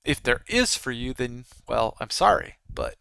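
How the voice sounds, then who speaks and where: Smooth-voiced man rambling through trading talk. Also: medium pitch, huge pitch swings, measured pace, bright, forceful tone, poor audio. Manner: rambling, conversational, frequent restarts. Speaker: futures trader streaming live. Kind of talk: casual live trading commentary.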